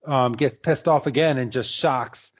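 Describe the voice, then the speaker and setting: A man's voice: medium pitch, a little slow. A man co-hosting a casual podcast, rambling with lots of fillers and restarts and laughing often. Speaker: podcast co-host. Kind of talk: casual chat recapping an episode. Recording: slightly dull lo-fi audio.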